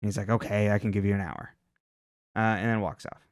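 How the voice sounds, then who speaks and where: A man's voice: lowish voice, fast talker, a little mellow, no room sound, studio quality. A man co-hosting a podcast, recapping TV episodes in a loose, chatty way with lots of "like" and "um". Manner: loose and chatty, full of "like" and "um" fillers. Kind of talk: casual recap chat.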